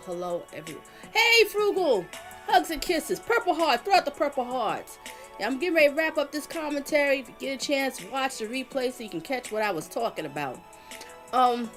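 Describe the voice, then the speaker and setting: Emphatic woman doing live stream commentary. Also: mid-range voice. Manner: emphatic, repeats points, reads chat comments aloud.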